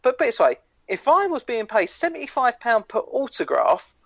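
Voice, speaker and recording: A man's voice: extremely high pitch, very animated, normal speed, creaky, fairly bright tone, no room sound. A man co-hosting a podcast, talking bluntly and frankly and swearing. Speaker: podcast co-host. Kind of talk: casual podcast chat. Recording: dry, dull lo-fi sound.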